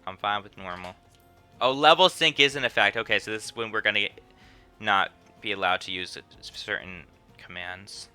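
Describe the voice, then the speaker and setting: Bright-voiced young man streaming a game. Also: on the low side, moderate pace, clean tone. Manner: laughs a lot, swears, jokey. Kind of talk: casual gameplay commentary. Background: game music.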